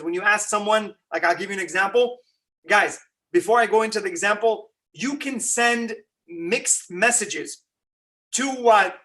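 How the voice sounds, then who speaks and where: A man giving a conversational religious lecture, animated and quizzing his listeners with rhetorical questions. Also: high voice, far from the mic. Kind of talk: Ramadan lecture.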